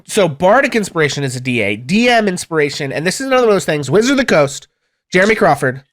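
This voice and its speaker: A game master running a tabletop game online, rambling and animated about the rules. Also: mid-range voice, quick pace.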